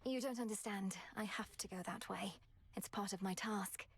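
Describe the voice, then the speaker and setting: Woman voicing a young goddess heroine, resolute, measured, mid-pitched, video game voice. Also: lightly acted. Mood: earnest.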